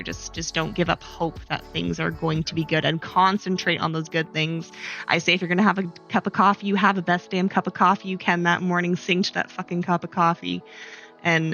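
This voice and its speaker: Gravelly, bright co-host on lo-fi audio. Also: medium pitch. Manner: encouraging, hesitant, many restarts. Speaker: stream co-host. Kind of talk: casual chat.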